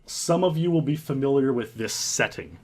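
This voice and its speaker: A young man hosting and narrating his own story in an earnest, halting way, often restarting his sentences. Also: medium pitch, expressive, a little mellow. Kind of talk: reflective storytelling commentary.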